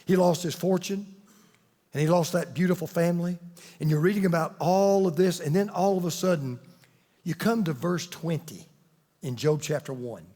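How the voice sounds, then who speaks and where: Male preacher, highish voice, emphatic, long pauses for effect, big echoey hall. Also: mellow. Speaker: pastor. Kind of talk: sermon.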